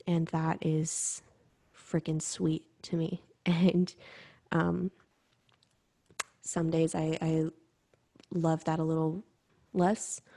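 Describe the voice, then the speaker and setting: A young woman hosting a podcast, talking candidly and reflectively in a halting personal monologue. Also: fairly low pitch, creaky, warm tone. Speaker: podcast host.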